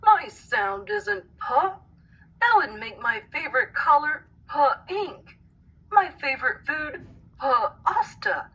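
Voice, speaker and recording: Lady doing a fussy protesting letter P, high and bright. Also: husky, muffled recording, heavily acted. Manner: emphatic, protesting. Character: indignant letter P, storybook character.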